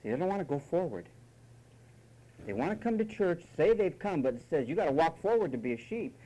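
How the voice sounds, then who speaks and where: A man's voice: fairly high pitch, sing-song, brisk, dark tone, dull audio. A man preaching a sermon, emphatic and mocking, at times imitating whiny voices.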